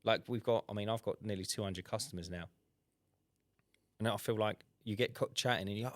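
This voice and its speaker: A man, co-hosting a casual podcast and telling animated stories, acting out customer dialogue. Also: lowish voice, a little fast, dry recording, clean studio sound. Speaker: podcast co-host, window cleaner. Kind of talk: casual chat.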